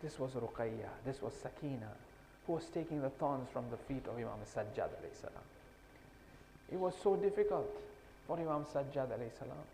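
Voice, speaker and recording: A man's voice: mid-range voice, lively intonation, a little fast, vocal fry, warm tone. A man preaching a mourning sermon, telling a sorrowful story with rising, impassioned delivery. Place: mosque hall. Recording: long hall reverb.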